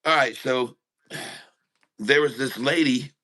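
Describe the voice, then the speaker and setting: Middle-aged male stream host, casual storyteller, chuckles, bright tone, mid pitch. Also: takes it slowly. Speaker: day-trading livestream host. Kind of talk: casual joke-telling.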